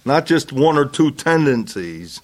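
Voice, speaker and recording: A man preaching a sermon, deliberate and earnest, building to impassioned pleading. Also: mid-range voice, big pitch swings.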